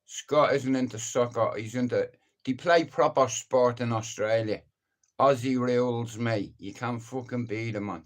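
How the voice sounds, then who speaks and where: A middle-aged man speaks at an ordinary, mid-range pitch, hosting a live stream. He rants in a blunt, opinionated way, swearing freely and rambling from one point to the next. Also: steady tone, measured pace. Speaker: livestream host. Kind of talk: casual live-stream rant.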